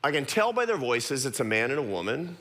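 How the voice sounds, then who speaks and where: Man, middle-aged, animated storyteller, long hall reverb. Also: mid-range voice. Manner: animated, self-deprecating storyteller with quick asides. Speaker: guest speaker. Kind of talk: storytelling talk to an audience. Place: large church auditorium.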